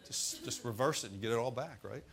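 A man's voice: mid-range voice, brisk, gravelly, a bit bright. A man preaching a sermon in a folksy, humorous way, with asides to the congregation.

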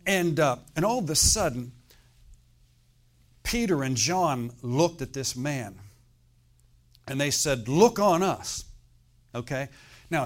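A middle-aged man preaching a sermon in a conversational way, often checking in with "okay?" and "amen?". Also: a little high. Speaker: pastor.

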